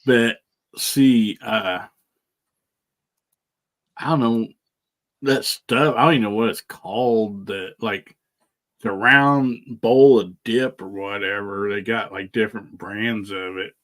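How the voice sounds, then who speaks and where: A man's voice: fairly low pitch, fairly bright tone. A man chatting casually on a podcast, hesitant and full of fillers. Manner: slow, hesitant, lots of fillers. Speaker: podcast co-host. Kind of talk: casual chat.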